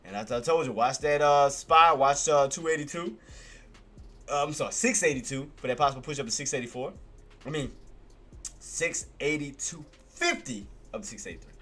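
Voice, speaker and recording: Day-trading streamer, male, bright and animated, excitable with a salty mouth, keeps repeating himself. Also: medium pitch, normal speed, faint music behind. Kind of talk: live trading commentary.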